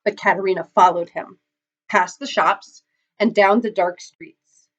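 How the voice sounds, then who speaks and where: A woman storyteller reading a children's picture book aloud, in an expressive, dramatic manner. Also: medium pitch, a little slow. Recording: dull lo-fi recording.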